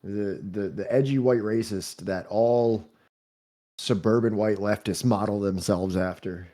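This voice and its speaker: Casual banter and a book discussion make up this podcast, hosted by a New Jersey man who jokes loosely with many fillers and restarts. He speaks a little slowly in a fairly low, warm voice with a steady tone.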